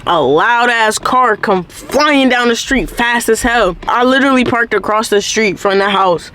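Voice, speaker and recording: A woman's voice: a little high, measured pace, a bit bright, slight background noise. A woman hosting her own channel, telling a story-time tale in casual, profane slang packed with "like" fillers. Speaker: channel host.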